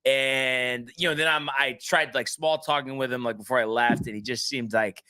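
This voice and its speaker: A man's voice: medium pitch, fairly even intonation, moderate pace, pushed and bright, clear, resonant tone. A man co-hosting a podcast, telling a long story in casual chat, full of restarts and acted-out quotes. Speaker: podcast co-host.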